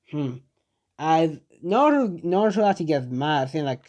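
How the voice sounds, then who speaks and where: A man casually narrating a fan-made story. He rambles, leans on fillers, and talks straight to his viewers. His voice sits somewhat high for a man. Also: expressive, normal speed, darkish tone.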